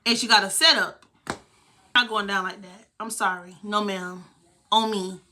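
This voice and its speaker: A woman's voice: medium pitch, fairly even intonation, measured pace, bright, forceful tone, slight background noise. A young woman vlogger telling a heated, profane story from her own life. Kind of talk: storytime vlog.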